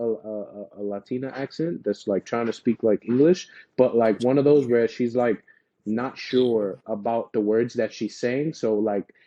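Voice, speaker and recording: A man's voice: medium pitch, dark tone, lo-fi sound. A man co-hosting a podcast, talking casually in a rambling way with lots of fillers and restarts. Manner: laid-back, rambling with many fillers and restarts. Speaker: podcast co-host. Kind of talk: casual chat.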